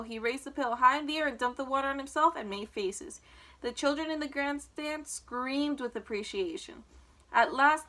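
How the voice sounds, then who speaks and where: A woman reading a children's book aloud with clear, expressive storytelling. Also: fairly high pitch, poor audio.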